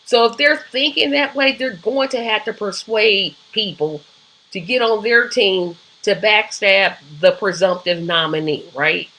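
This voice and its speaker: A woman's voice: mid-range voice, unhurried, bright, forceful tone, low-quality recording. A woman hosting a live show, giving casual, opinionated political commentary with frequent ums and rhetorical asides.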